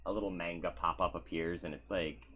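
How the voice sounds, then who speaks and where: A man's voice: low voice, fairly even intonation, a little fast, fairly bright tone. A man narrating as game master of a tabletop game, casual and meandering, with many fillers. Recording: muffled lo-fi audio.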